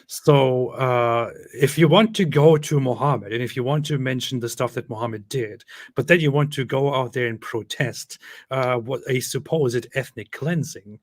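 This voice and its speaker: A man co-hosting a live stream in casual chat, pausing and repeating words as he thinks, laughing easily. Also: mid-range voice, no echo, studio quality. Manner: laughs often, repeats words while searching for them. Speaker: co-host of a live religion debate stream.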